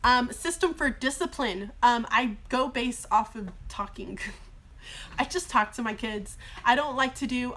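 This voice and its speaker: A woman teacher chatting casually on a live phone stream from a car shop, her voice slightly hoarse from long talking. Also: on the high side, moderate pace, bright, forceful tone. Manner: chatty and bubbly, many fillers. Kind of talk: casual livestream chat. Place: brother-in-law's car shop, indoors.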